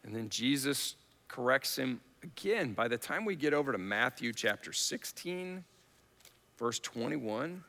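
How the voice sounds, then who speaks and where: A man's voice: medium pitch, lively intonation, a little slow, pushed and bright. A man preaching a sermon in a conversational way, acting out the quoted lines with rising force. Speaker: pastor. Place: church hall. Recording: long church hall reverb.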